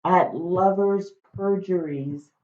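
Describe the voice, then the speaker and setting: A woman's voice: fairly low pitch, slow, pitched above the performer's own voice. A woman voicing a swooning, dramatic teenage girl in a comic retelling, with a melodramatic, sighing delivery. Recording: echoey room, slightly dull.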